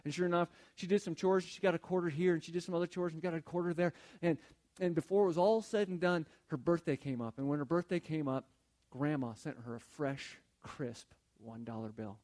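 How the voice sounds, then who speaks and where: A male preacher with a slightly high voice delivers a sermon in a relaxed, conversational way. He tells a story at length, often restarting and repeating words as he goes. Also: a little fast. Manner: conversational, repeats words while building a point. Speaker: pastor.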